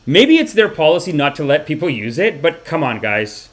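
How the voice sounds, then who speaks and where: A man hosting a live comedy podcast, telling a rambling story in an animated way, swearing freely and acting out the people he describes. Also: fairly high pitch, moderate pace. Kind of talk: rambling comic monologue on a live stream.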